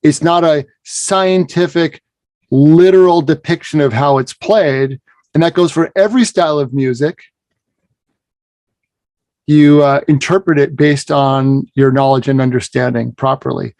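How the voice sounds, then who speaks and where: A man teaching bagpipe expression in a relaxed conversational lesson, with a voice sitting a little high for a man. He explains patiently and keeps checking in with a quick "right?". The sound is dry and close. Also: no echo. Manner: explanatory, asks "right?" often. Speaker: piping instructor.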